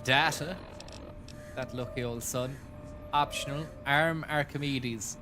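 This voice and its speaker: A man's voice: mid-range voice, steady tone, takes it slowly, music in the background. A man hosting a casual gaming stream, joking, swearing and thanking viewers for tips. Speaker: streamer host.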